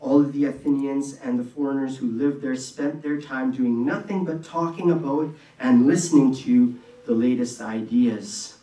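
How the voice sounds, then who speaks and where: Earnest preacher in an echoey hall. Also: male voice, mid-range voice, steady tone, warm tone. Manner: earnest, conversational, with quick bursts and restarts. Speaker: pastor. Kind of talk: sermon. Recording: echoey room from a distance.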